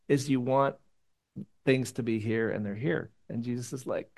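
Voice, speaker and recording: A man preaches to his church in a relaxed, conversational way, with a mid-range voice. He rambles a bit, then rises suddenly and emphatically when he wants a point to land. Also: medium pitch, normal speed, gravelly. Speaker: pastor. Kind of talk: conversational sermon. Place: church meeting room.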